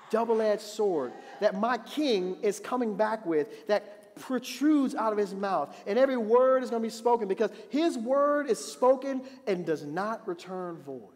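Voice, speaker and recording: A man preaching a sermon as pastor, animated and building to emphatic repeated refrains. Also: sits high. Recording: long reverb of a hall.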